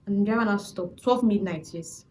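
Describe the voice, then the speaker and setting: A young woman with a Nigerian accent telling a personal faith testimony in a chatty, animated way, often restarting her sentences. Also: mid-range voice, a little fast, slight background noise, poor audio. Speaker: vlogger.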